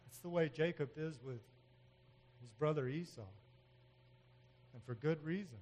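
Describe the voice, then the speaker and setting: A man preaching a sermon in an animated way, swinging from loud emphatic outbursts to quiet asides, with frequent chuckles. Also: a little high, a little slow. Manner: chuckles often between points. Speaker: pastor.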